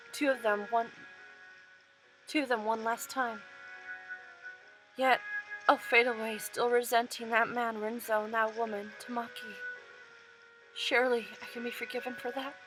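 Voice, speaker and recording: A woman voicing a bitter, fading girl spirit who speaks quietly and subdued. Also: fairly high pitch, level tone, normal speed, long pauses, over music, close to an everyday voice, poor audio. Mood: resigned.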